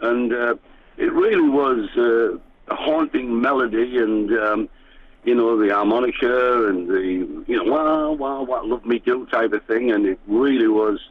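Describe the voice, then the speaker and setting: A man's voice: mid-range voice, fairly even intonation, a little slow. An older man from England, a former band musician, reminiscing in a radio interview, rambling with many fillers and restarts. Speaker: guest musician. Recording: tinny phone-line radio sound.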